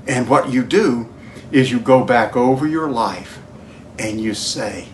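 A man preaching a sermon, telling stories in a lively way. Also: medium pitch, takes it slowly, a little hiss or hum. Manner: storytelling, animated, breaks into singing a hymn.

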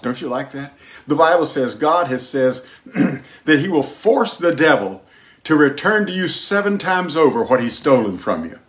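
A man's voice: fairly high pitch, very animated, moderate pace. Preaching man, emphatic and dynamic. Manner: emphatic preaching, shifts between loud and hushed; sings hymn lines. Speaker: pastor. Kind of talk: sermon.

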